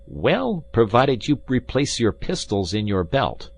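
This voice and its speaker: A man voicing a proud, hot-headed English gentleman traveler who speaks indignantly. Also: mid-range voice, sing-song, a little slow, voice pushed up. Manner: indignant, blustering.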